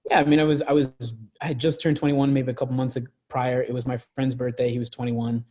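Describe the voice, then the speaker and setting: A young man telling stories as a podcast guest in a loose, rambling way, with plenty of fillers and restarts. His voice sits at a middle pitch. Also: little pitch movement, fast talker, dark tone. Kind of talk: casual storytelling.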